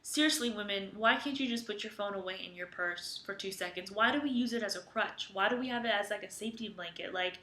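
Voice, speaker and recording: A young woman co-hosting a podcast, chatting casually in an animated, emphatic, opinionated way. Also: mid-range voice, fast talker, few pauses. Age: young adult. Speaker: podcast co-host. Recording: echoey room.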